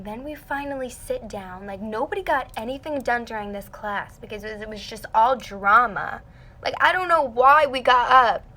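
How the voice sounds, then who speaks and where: A young woman telling a dramatic story to fans in a casual livestream, talking animatedly and saying "like" a lot. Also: a little high. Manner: dramatic, animated, heavy use of "like". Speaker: singer answering fans on a livestream.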